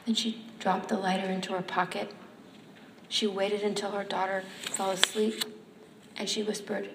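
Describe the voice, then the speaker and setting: A woman reads a story aloud to a live audience in a measured, even storytelling manner. Her delivery stays fairly flat in pitch. The sound is roomy with a long hall reverb and faint background noise. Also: gravelly. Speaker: author or reader at a reading.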